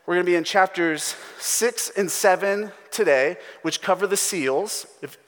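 A man preaching a sermon as pastor, telling a story with lively asides, laughs and acted-out quotes. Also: high voice, unhurried. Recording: long hall reverb.

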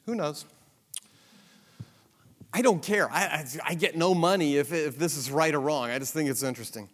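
A man's voice: on the high side, normal speed, a bit bright, in a large hall. A man teaching a Bible survey lesson in a conversational, emphatic way, with rhetorical questions and asides.

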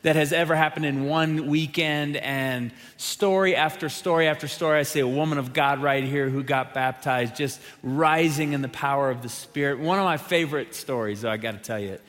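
A man preaching a sermon to his congregation, telling stories with lively quoted voices before reading scripture. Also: fairly high pitch, normal speed, hardly any pauses. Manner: lively, animated storytelling with quoted characters. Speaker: pastor. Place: large church sanctuary. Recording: long hall reverb.

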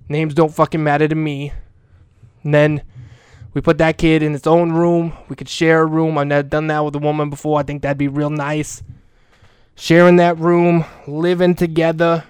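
A man's voice: on the high side, clear, resonant tone, no room sound, clean studio sound, natural voice. A man playing a crude, lovesick older school janitor who rambles earnestly and swears a lot in a comic monologue. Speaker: comedic character monologue.

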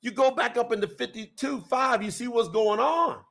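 Gravelly high-voiced man teaching scripture. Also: normal speed, a bit bright. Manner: conversational, emphatic, repeats phrases. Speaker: podcast preacher.

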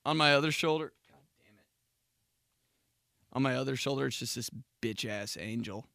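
A man rambles through a casual comic monologue, crude and jokey. His voice is bright and forward, and the recording is close and dry. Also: medium pitch, normal speed, creaky, no echo. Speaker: podcast host.

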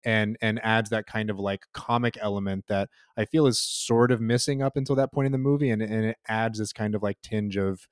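A man's voice: on the low side, fairly even intonation, brisk, hardly any pauses, clear, resonant tone, dry recording, clean studio sound. A man co-hosting a podcast, discussing a film in a hedging, filler-heavy way. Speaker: podcast co-host.

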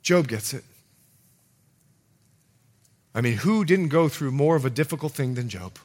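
A man preaching a sermon as pastor, swinging from loud calls to hushed low lines. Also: lively intonation, fairly quick. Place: church.

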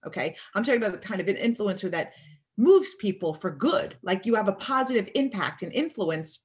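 With lively intonation and a moderate pace, a medium-pitched woman guest discusses mindset in a motivational interview. She makes her points emphatically and dramatizes people's inner thoughts in quotes.

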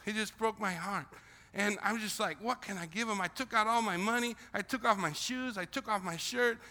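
A man's voice: sits high, a little fast, pushed and bright. An older man who grew up in the Philippines tells students about his missionary calling, speaking emotionally and often repeating and restarting his phrases. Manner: emotional, repetitive storytelling with restarts. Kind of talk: testimony talk to students. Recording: long hall reverb.

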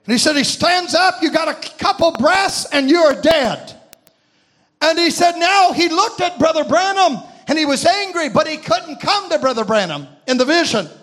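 Preaching in a very high, ringing voice, this man builds his story toward impassioned shouts and draws certain phrases out slowly for emphasis. His delivery is expressive.

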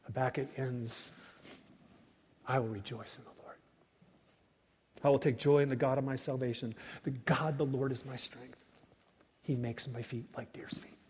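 A man preaching a sermon as pastor, rising to loud cries and falling to hushed whispers. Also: medium pitch, steady tone, moderate pace, long pauses, a little hiss or hum. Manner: dynamic preaching, swells loud then drops to whispers. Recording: long hall reverb.

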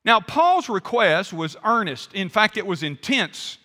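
A man's voice: sits high, very animated, a little slow, sharp tone. A man pastor preaching a conversational sermon, quizzing the congregation. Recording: long hall reverb.

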